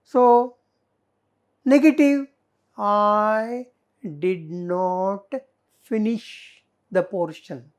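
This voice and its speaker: A woman's voice: mid-range voice, very slow, long pauses, darkish tone. A middle-aged woman teacher, explaining grammar in a classroom lesson, full of fillers and rhetorical questions. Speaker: English teacher.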